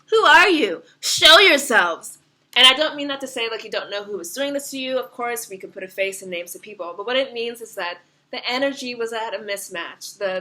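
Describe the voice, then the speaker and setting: Bright-voiced woman giving a tarot reading. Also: mid-range voice. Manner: animated, swears freely, laughs often. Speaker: tarot reader.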